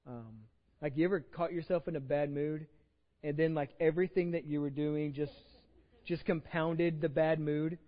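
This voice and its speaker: A man with a Texan accent preaches a sermon in a casual, conversational way, often doubling words as he begins a thought. His voice sits fairly high. The recording is dull and muffled, with a long reverb from the church hall. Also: fairly even intonation, moderate pace. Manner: conversational, repeats words when starting phrases. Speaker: pastor. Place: church sanctuary.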